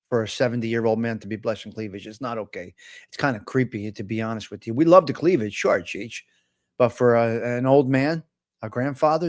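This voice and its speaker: A man hosting a live stream, ranting in casual, profane chatter. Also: mid-range voice. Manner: profane, excitable rants. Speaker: host.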